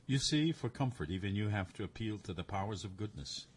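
A man voicing a devout priest who speaks calmly, tenderly and gravely. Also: fairly low pitch, brisk, slight background noise, pitched above the performer's own voice, natural voice. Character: gentle, devout old male priest.

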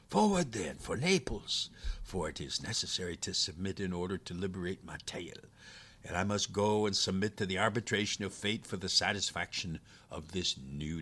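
A man's voice: sits low, bright, forceful tone, husky, heavily acted. A man voicing a scheming male demon in a storybook reading, with wheedling, muttered asides.

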